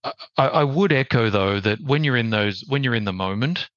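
A man's voice: medium pitch, animated, fairly bright tone, no echo. Reflective Australian man, slightly dull audio. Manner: reflective, measured, with restarts. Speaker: podcast guest. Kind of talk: conversational storytelling.

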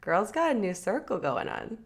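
A woman's voice: medium pitch, huge pitch swings, normal speed, creaky. A young woman co-hosting a casual gossip podcast, upbeat and chatty, laughing often. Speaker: podcast co-host. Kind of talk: casual celebrity gossip chat.

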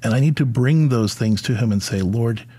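A man's voice: mid-range voice, moderate pace, mellow, slightly rough. A middle-aged man hosting a podcast, speaking to fathers about faith in a conversational way with frequent fillers and restarts. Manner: conversational, with many fillers and repeated words. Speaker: podcast host. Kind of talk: faith talk addressed to fathers.

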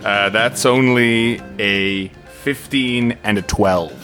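A man playing a tabletop game, excitable and goofy, breaking into laughs and loud exclamations. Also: lowish voice, takes it slowly, soft background music. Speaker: player.

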